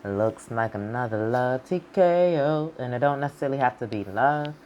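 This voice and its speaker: A man's voice: medium pitch, lively intonation, normal speed, darkish tone, dull audio, a little hiss or hum. A man doing a casual, rambling tarot reading for his channel, full of fillers and loose, informal talk with the odd swear word. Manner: loose and rambling, heavy on "like" and "you know". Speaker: tarot reader.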